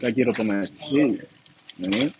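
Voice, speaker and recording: A man's voice: mid-range voice, normal speed, background noise. A man with an East Coast American accent, joking around in a playful casual monologue and laughing often. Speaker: comedic vlogger.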